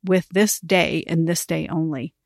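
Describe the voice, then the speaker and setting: A middle-aged woman hosting a ministry podcast, telling a story in a casual, animated way and laughing as she talks. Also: low voice, unhurried, vocal fry, dry recording, clean studio sound. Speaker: podcast host, ministry coach.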